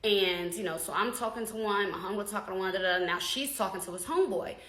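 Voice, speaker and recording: A woman vlogger telling a story in a chatty, slangy, animated way. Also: medium pitch, quick pace, reverberant, rough recording. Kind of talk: casual storytime.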